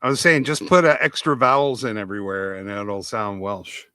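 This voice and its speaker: An older man from the United States talks in a podcast chat with a bright, forward voice. He is wry and pokes fun at himself. The sound is dry and close. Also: lowish voice, steady tone, normal speed, clean tone, no echo. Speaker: podcast co-host. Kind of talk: casual chat.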